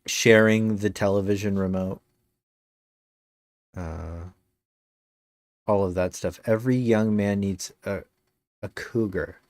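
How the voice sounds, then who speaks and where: A man's voice: on the low side, steady tone, slow pace, pauses often, no echo. A male game streamer chatting casually on a live stream, rambling with many fillers and slipping in dry jokes.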